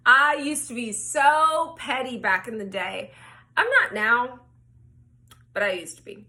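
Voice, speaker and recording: Bright, animated woman vlogger. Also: fairly high pitch, takes it slowly. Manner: animated, swears freely, acts out her own quotes. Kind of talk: storytime chat.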